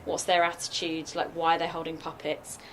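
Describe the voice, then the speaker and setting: In a noisy live recording from a festival workshop room, a woman who is a guest puppeteer answers questions in a casual Q&A. Her voice is low and brisk with little pitch movement, and she chats along with many "likes" and fillers.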